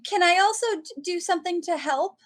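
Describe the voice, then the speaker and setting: A woman's voice: extremely high pitch, a little fast, noisy background. A woman playing in a tabletop game, speaking tentatively and asking questions. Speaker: player. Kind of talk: casual tabletop play.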